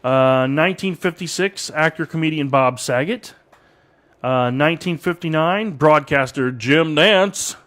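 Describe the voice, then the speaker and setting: A man's voice: fairly high pitch, measured pace, a bit bright. A man hosting a radio show, reading this-day-in-history facts in casual chat with a co-host, chuckling often. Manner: reads date facts with chuckles. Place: radio studio streamed live.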